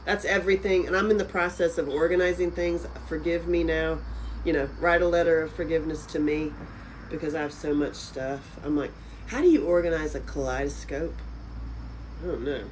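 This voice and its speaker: A woman hosting a live stream from a friend's house, chatting casually with viewers, with loud exclamations and soft asides. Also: low-pitched, a little fast, a little hiss or hum, low-quality recording.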